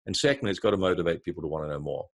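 Low-voiced man telling a marketing story. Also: rapid-fire. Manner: lively storyteller, builds examples step by step. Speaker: marketing consultant, guest. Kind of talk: explaining with a storytelling example.

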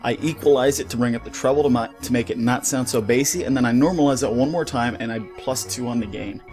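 Man, ranting vlog, swears a lot, rambling, studio mic, quiet music in back. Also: medium pitch, fast talker. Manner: heated, profane, rambling rant. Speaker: gaming YouTuber. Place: home recording setup. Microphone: studio mic with pop filter.

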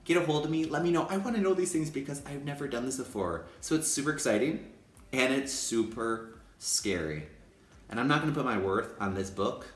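A man's voice: expressive, fairly quick. A young adult male teacher vlogging in an enthusiastic, playful way. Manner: enthusiastic, playful, acts out high-pitched quoted voices. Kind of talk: upbeat casual vlog talk. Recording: echoey room.

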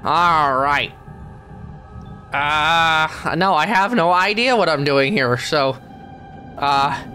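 A man's voice: a little high, slow, soft background music, heavily acted. A man voicing a grumpy, weary middle-aged male squid, grumbling sarcastic commentary while playing a game. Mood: bewildered. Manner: sarcastic, grumbling, deadpan asides. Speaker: let's play gamer. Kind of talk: character let's play commentary.

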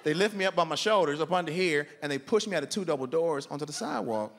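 A man performing stand-up on a club stage, telling a story in an animated way and acting out both sides of an argument. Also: a little high, fast, gravelly. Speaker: stand-up comedian. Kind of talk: stand-up routine.

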